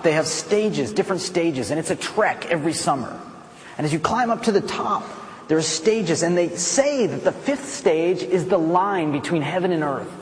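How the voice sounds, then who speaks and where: An American man giving a playful, animated storytelling talk at a conference. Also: sits high, long reverb tail, a little hiss or hum. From United States. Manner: animated, playful, self-mocking. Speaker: conference speaker. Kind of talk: storytelling speech. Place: conference hall.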